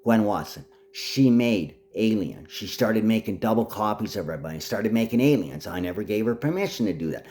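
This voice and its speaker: A man's voice: on the low side, animated, fairly quick, few pauses, a little mellow. A man talking to camera in a rambling, agitated monologue, addressing absent people directly.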